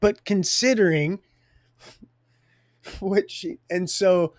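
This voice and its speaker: A man with a somewhat high voice tells a faith story on a live stream. He rambles, chuckles often in the middle of sentences and circles back over his own words. The sound is dry and close, with little room echo. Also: measured pace.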